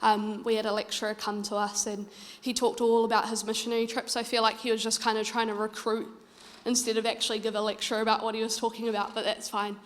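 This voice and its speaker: A woman preaching in a church, earnest and pleading as she tells her stories. Her voice sits fairly high, and a long hall reverb trails every line. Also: level tone, fast talker, hardly any pauses. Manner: earnest, urging, conversational storytelling. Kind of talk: sermon.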